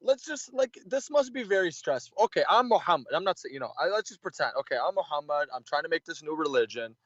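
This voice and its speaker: A man calling into a debate, answering haltingly with many restarts. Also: a little high, expressive, fairly bright tone, dry recording, dull audio. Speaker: caller. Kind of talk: hesitant debate call.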